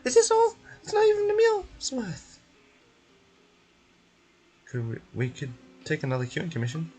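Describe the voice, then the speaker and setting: A man voicing a tiny, excitable and always-hungry floating female companion in a fan voice-over of a game, with squealing, dramatic complaints. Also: sits high, a little slow, a little hiss or hum, full character voice. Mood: dismayed.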